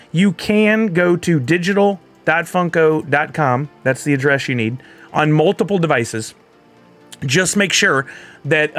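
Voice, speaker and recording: A man with a slightly bright, higher-pitched voice hosts a casual livestream. Upbeat and chatty, he walks viewers through steps and reads their comments aloud.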